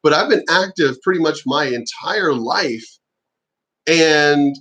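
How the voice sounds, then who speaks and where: A man ranting on his own vlog, profane and exasperated, now and then mocking others in shrill voices. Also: animated, a little slow, sharp tone, poor audio. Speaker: channel host.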